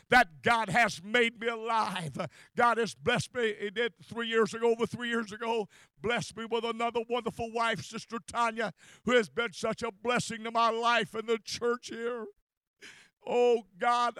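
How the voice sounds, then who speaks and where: Older man, pastor, fervent sermon, smooth clear voice, dry close sound. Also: very high voice, bright, forceful tone, dry recording. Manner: fervent, repetitive exclamations.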